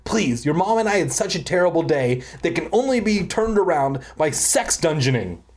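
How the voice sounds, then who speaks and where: A man voicing a short-tempered father who groans and shouts at his kids. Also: a little high, sing-song, moderate pace, voice pushed up. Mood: exasperated.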